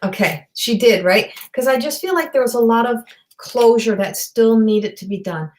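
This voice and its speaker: A woman giving a live online psychic reading. She talks in a halting, rambling way, full of fillers and restarts, and passes on messages in a direct, earnest manner. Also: on the high side, expressive, a little mellow. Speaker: psychic medium. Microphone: video call or webcam.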